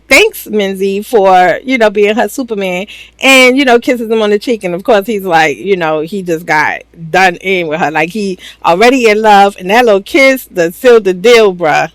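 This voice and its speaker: A woman's voice: mid-range voice, measured pace, dry recording, rough recording. Chatty, slangy woman recapping TV. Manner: chatty and slangy, laughs often. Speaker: reaction channel host. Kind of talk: casual reality-TV recap.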